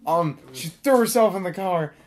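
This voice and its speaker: A young man telling a story casually, rambling with many fillers and deadpan asides. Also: sits high, normal speed.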